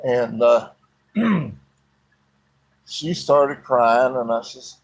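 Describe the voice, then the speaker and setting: Man telling his own story in a folksy, plain-spoken way, unhurried, with a husky voice. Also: mid-range voice, rough recording.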